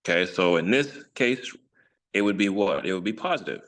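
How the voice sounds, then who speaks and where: A man's voice: sits low, animated, normal speed, a bit bright. A man teaching an informal scripture study, rambling and self-correcting with jokes along the way. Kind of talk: casual online study lesson.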